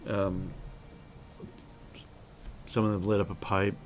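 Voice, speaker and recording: A man narrating as game master of a tabletop role-playing game, relaxed and with frequent fillers. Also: low-pitched, slow pace, slight background noise.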